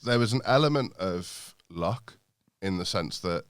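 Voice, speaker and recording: Man, interview guest, low voice, quick pace, candid and sweary, dry recording. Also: animated, clear, resonant tone, no echo. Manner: candid, sweary, self-mocking. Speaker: business owner, interview guest. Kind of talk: casual interview, personal story.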